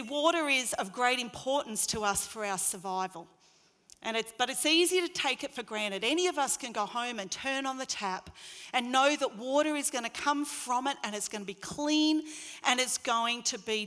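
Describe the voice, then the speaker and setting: A woman delivers a sermon with a high, bright voice. She swings from quiet, low passages to loud, ringing calls, and her words trail off into the long reverb of a large hall. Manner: expressive, rising to loud acted crowd cries. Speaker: preacher.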